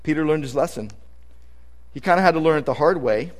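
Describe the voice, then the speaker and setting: A man's voice: on the high side, expressive, brisk. A male pastor preaching a sermon in a conversational, emphatic way, reading scripture aloud as he goes.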